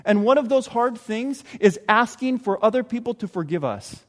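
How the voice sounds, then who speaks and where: High-voiced man preaching in a reverberant hall. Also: lively intonation, normal speed, a bit bright. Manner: earnest and conversational, acting out people's voices. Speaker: pastor. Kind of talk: sermon. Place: church sanctuary.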